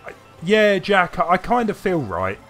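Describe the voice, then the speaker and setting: A man's voice: sits high, big pitch swings, unhurried, fairly bright tone. A man talks through a live game stream, his voice rising and falling a lot as he rambles and stops to answer chat. His talk is loose and full of hesitations, with faint game music playing underneath. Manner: chatty and rambling, with frequent hesitations. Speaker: gaming streamer. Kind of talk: casual live-stream commentary reading chat.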